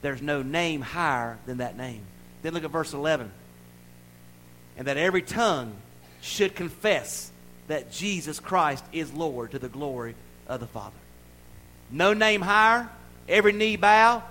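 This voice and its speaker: A man preaching a sermon in a folksy, playful way, building to loud declarations. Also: mid-range voice, animated, normal speed, slight background noise, low-quality recording. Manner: folksy, playful preaching with acted-out voices and rising shouts. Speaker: pastor.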